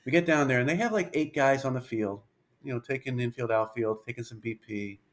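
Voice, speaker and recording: A man in his fifties, a pitching coach telling a story in an interview, lively and anecdotal, acting out bits of dialogue. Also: a little fast.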